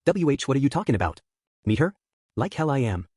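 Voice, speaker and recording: A man doing a gruff brash young tiger-man. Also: mid-range voice, sing-song, fairly quick, darkish tone, no room sound, clean studio sound. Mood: defensive. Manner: rough, blunt, clipped slang. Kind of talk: audiobook character voice.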